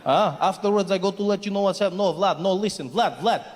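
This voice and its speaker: A man's voice: high-pitched, fast, natural voice. A man imitating a brusque Russian man making a shady phone call, speaking in mock accented English. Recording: live hall reverb with light noise.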